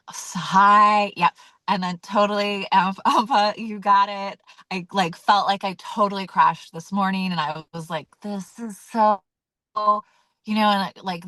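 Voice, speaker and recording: A woman's voice: fairly low pitch, fairly bright tone, dry recording. A woman leading a weekly community call, talking casually and candidly with many fillers and acting out her own reactions. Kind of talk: casual teaching talk.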